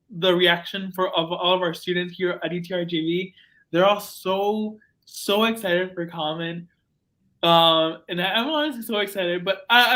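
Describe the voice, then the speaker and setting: A young man hosting a student podcast, telling stories in an excitable, gushing way. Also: sits high. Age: young adult. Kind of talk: casual chat.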